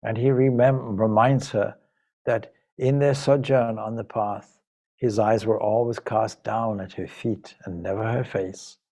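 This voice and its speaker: A man's voice: fairly low pitch, fairly even intonation, unhurried, mellow. A man dramatically retelling a sacred epic. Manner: emotive, dramatic retelling with voiced dialogue. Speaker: monk and spiritual teacher. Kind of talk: storytelling talk of a sacred epic.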